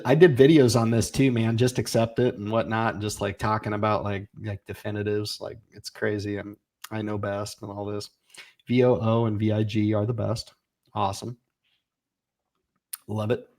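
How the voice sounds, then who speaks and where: A man in his forties hosting a casual livestream, reading viewer comments and urging them on in an energetic, folksy way. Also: fairly low pitch. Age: 40s. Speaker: livestream host.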